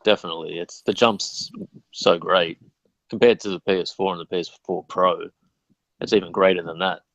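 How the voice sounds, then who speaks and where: A man's voice: deep voice, fairly even intonation, normal speed, vocal fry, a bit bright, dry recording. An Australian man on a gaming podcast, chiming in with short, firm agreements. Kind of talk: casual gaming chat. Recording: dry, slightly dull lo-fi audio.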